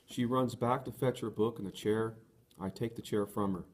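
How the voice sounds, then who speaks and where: A man narrating a novel aloud in the first person, measured and earnest. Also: fairly low pitch, fairly even intonation. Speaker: audiobook narrator.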